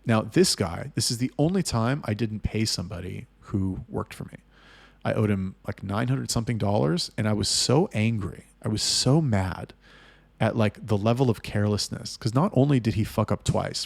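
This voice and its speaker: A man with a fairly low, gravelly voice talks through a business story in an unscripted monologue. He is blunt and swears constantly, and his voice climbs and gets louder when he replays arguments. The sound is dry and close. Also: dry recording. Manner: blunt, heavily profane storytelling; rising loud and heated when retelling arguments. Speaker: agency owner telling business stories. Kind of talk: casual monologue.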